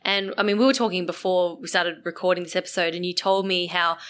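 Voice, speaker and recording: Bright-voiced woman asking questions. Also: fairly low pitch, fairly even intonation, quick pace. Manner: curious, upbeat questioning. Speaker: podcast host. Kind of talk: podcast interviewing.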